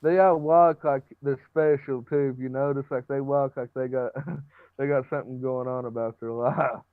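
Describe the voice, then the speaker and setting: A man's voice: mid-range voice, fairly even intonation, normal speed, clean tone, dry recording. A young man telling stories as a podcast guest in a brash, profane way, laughing through them. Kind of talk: casual storytelling with frequent laughter. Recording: dry, phone-like lo-fi audio.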